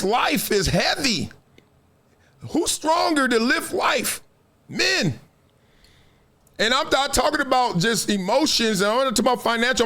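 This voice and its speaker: A man hosting a casual commentary show, telling animated stories and acting out quotes. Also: very high-pitched. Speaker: show host.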